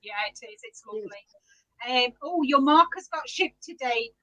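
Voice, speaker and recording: A woman's voice: high voice, lively intonation, moderate pace, sharp tone, low-quality recording. A woman hosting a casual live-stream chat, greeting viewers by name and laughing often. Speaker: podcast host reading live chat.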